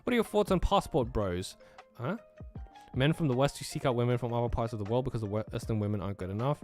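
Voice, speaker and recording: A man's voice: mid-range voice, lively intonation, fast, soft background music. A man with an American accent, raised in Australia, chatting casually on a live stream, reading out chat questions and laughing often. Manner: laughs often, easygoing, trails off with fillers.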